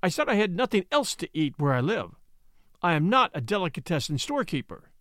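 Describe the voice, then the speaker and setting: A man voicing a poor but polite young gentleman with formal, emphatic speech in a storybook reading. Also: high-pitched, sing-song, fairly quick, no room sound, studio quality.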